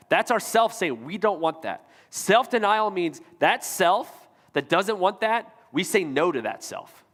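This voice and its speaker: In a church auditorium with a long reverb tail, a man pastor preaches a sermon in a fairly high, slightly bright voice. He preaches emphatically, repeating rhetorical questions to the congregation.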